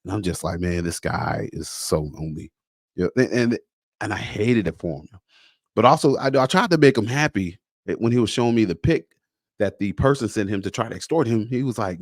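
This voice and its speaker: A man hosting a podcast in a casual, animated monologue, slangy and acting out bits of dialogue. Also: on the low side, a little fast, creaky, no room sound, studio quality. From United States. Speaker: podcast host.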